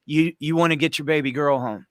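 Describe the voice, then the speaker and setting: A man's voice: fairly high pitch, fairly even intonation, a little fast, dry recording. Earnest man hosting a live stream. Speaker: host. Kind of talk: live stream talk show.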